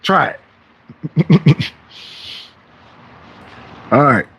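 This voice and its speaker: A man's voice: mid-range voice, expressive, extremely slow, slightly rough, highs cut off. A man hosting a fitness livestream, chatting casually with viewers in loose, slangy talk that rambles and restarts. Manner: rambling and chatty, often acting out other people's voices. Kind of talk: casual live-stream chat to viewers.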